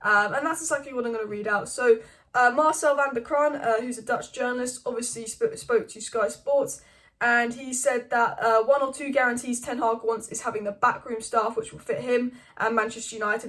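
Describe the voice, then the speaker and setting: A young woman hosts a casual football news vlog in a rapid stream of talk. Her voice sits a little above the usual pitch. She is opinionated and animated, often breaking into rhetorical questions. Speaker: football channel host.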